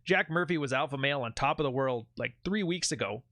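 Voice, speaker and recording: A man's voice: mid-range voice, lively intonation, fast talker, bright, forceful tone, no room sound. A man hosting a channel, giving blunt, profane advice in a casual monologue. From Canada. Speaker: channel host.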